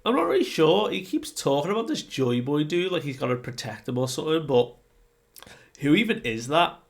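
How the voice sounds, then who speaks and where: A man voicing a carefree young male pirate captain, talking in a high, eager, wide-eyed way. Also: big pitch swings, a little fast, vocal fry. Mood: excited.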